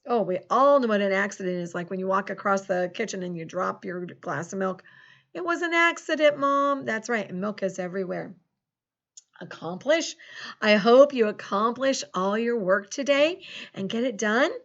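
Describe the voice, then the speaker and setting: A woman teaching a recorded phonics lesson to young children, encouraging them and sounding out words slowly. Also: medium pitch, dull audio. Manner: encouraging, slow and exaggerated word sounding. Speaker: second grade teacher.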